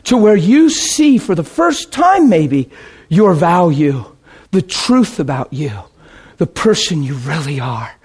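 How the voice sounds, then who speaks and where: A man preaching a sermon and telling his own conversion story, emphatic and dramatic, dropping to a hush and then shouting. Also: fairly high pitch, very animated, takes it slowly, breathy edge. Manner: emphatic, dramatic, swings between hushed and shouting. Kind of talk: sermon with personal testimony.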